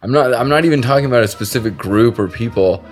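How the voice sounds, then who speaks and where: A man's voice: mid-range voice, fast, soft background music. A man hosting a podcast, chatting casually and crudely, joking and laughing often. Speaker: podcast host. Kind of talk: casual comedic chat.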